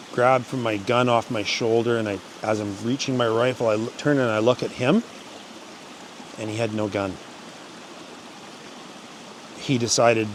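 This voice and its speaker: A man's voice: fairly low pitch, slight background noise. A man hosting his channel, casually telling hunting stories, rambling with restarts. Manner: rambling, restarts, animated yells in quoted parts. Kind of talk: casual storytelling to camera.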